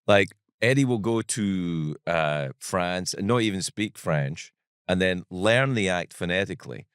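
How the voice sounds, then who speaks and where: A middle-aged man hosting a podcast interview, playful and quick to laugh, teasing his guest with questions. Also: low-pitched, lively intonation, a bit bright, smooth, no echo, clean studio sound. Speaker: podcast host. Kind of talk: casual interview chat.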